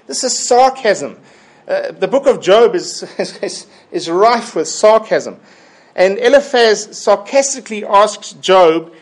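A man delivers an expository sermon at an unhurried pace, his voice sitting a little higher than most men's. He presses his points with emphasis and circles back to repeat key phrases. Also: lively intonation. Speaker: preacher.

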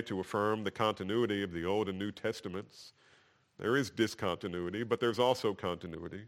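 A man preaching a sermon as pastor, swelling louder and slower on key phrases. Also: on the low side.

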